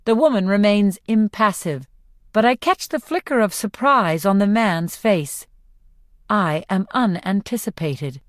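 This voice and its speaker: A woman narrating a first-person novel in clear, expressive storytelling. Her pitch rises and falls with the story. The recording is close and dry. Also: unhurried, no room sound. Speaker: audiobook narrator.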